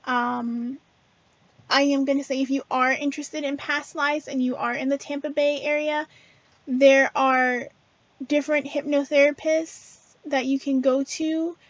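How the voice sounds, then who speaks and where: A woman's voice: high-pitched, flat delivery, a little slow, dry recording, highs cut off. A woman hosting a casual spiritual talk to her viewers, chatty and earnest, with frequent fillers and restarts. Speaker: spiritual video host.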